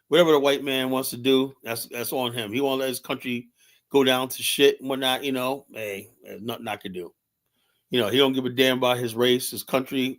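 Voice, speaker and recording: A man's voice: medium pitch, a bit bright. Profane man ranting on a livestream. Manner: profane, heated, rambling with restarts. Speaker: livestream host. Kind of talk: casual livestream rant. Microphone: streaming setup mic.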